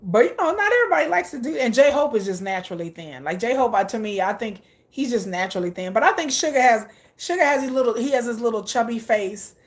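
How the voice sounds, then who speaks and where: A woman's voice: fairly high pitch, expressive, quick pace, few pauses. A woman vlogger chatting casually, gushing and laughing often while reacting aloud to viewer comments. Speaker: K-pop vlogger. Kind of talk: casual chat.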